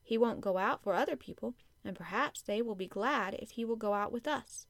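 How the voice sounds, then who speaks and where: A woman's voice: on the high side, a little fast, dry recording, studio quality, lightly acted. A woman reading an audiobook, voicing an eager, earnest young girl with a raised voice.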